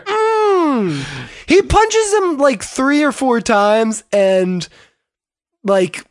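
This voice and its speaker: Animated co-host with a dry, close sound. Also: high voice, drawn-out words, dry recording. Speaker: podcast co-host. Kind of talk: casual recap chat.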